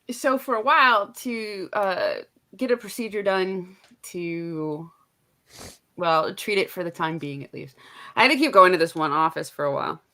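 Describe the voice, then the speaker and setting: A woman's voice: lowish voice, unhurried, pushed and bright. A woman hosting a casual livestream chat, laughing often and swearing freely. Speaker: streamer host.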